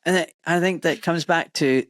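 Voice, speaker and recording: A middle-aged man with a British accent, talking in an animated, swearing storytelling style as a podcast host. His voice sits a little high for a man. The recording is close and dry. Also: normal speed, no echo. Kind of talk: casual conversation.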